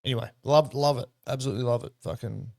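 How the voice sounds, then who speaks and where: A man's voice: mid-range voice, fast, creaky, a little mellow, dry recording, clean studio sound. Rambling, profane Australian man. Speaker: livestream host. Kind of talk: casual livestream commentary.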